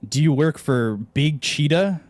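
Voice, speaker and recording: Animated joking male esports caster. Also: a little high, unhurried, no room sound. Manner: joke-telling, animated. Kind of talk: casual on-air banter.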